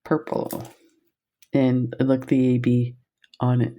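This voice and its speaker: A woman hosting a beading video, gushing and excited as she shows off new beads, laughing often. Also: rumbling low, takes it slowly, long pauses, highs cut off. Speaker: beading channel host. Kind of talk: casual product showcase vlog.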